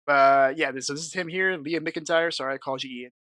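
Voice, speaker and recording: A man's voice: fairly high pitch, fast talker, bright, forceful tone, no room sound. A man co-hosting a podcast, chatting and teasing casually, swearing now and then. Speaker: podcast co-host. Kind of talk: casual chat.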